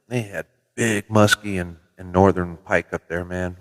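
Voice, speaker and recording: A middle-aged man from Minnesota hosting a casual livestream from his CB radio shop, telling relaxed folksy stories with mild swearing. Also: low-pitched, measured pace, long reverb tail. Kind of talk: casual livestream chat with viewers. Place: CB radio shop in New Mexico.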